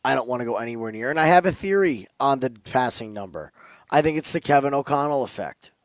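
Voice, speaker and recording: A man's voice: mid-range voice, lively intonation, quick pace, no room sound. A man co-hosting a sports betting podcast, giving emphatic, opinionated picks with playful asides. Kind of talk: casual sports betting chat.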